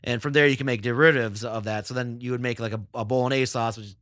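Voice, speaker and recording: A man's voice: medium pitch, fairly even intonation, fast, fairly bright tone, no room sound, clean studio sound. A man, a chef guest, chatting casually in an interview and rambling with lots of filler words.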